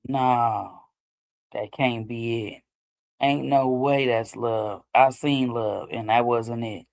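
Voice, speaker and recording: Woman host, casual advice talk, gravelly fry, loose chatty delivery. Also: rumbling low, fairly even intonation, slow, a little mellow. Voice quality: gravelly, loose conversational delivery with many "you know what I'm saying".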